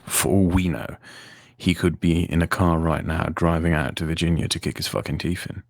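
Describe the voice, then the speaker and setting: A man's voice: deep voice, normal speed, gravelly, no echo. A man talking earnestly in casual chat, repeating his points with insistence. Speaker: stream panelist.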